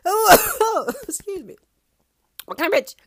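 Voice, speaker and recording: A woman's voice: medium pitch, moderate pace, no echo. Female podcast host, sassy ranting monologue, medium voice, dry close mic. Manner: sassy, animated, wandering asides.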